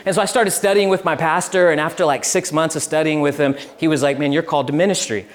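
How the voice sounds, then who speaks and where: A young man giving a relaxed, chatty sermon, telling stories with laughs and restarts. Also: a little high, fast talker. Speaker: pastor. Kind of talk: casual sermon with storytelling.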